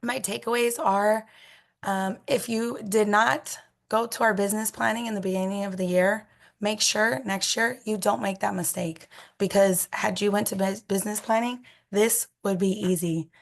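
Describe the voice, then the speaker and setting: Hoarse woman in her 30s on zoom, blunt, encouraging, middle pitch. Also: steady tone, moderate pace. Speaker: real estate agent. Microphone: video call.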